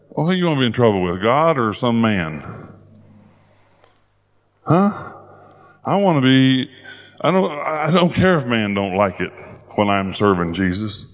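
A man preaching in a folksy, storytelling way, with plenty of play in his delivery. His voice sits at a middle pitch. The recording sounds dull and lo-fi. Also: measured pace, pauses often. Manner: folksy storytelling, playful and animated. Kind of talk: sermon.

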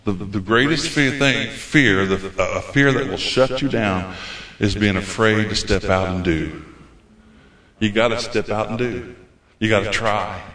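A visiting preacher from the United States delivers a fervent, folksy sermon in a church hall, repeating phrases for emphasis. His lowish voice has a fairly bright tone, and the recording carries the room's roomy acoustics.

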